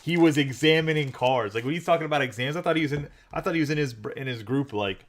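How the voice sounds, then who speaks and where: A man hosting a live card break, chatting casually and rattling off names quickly. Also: medium pitch, a bit bright.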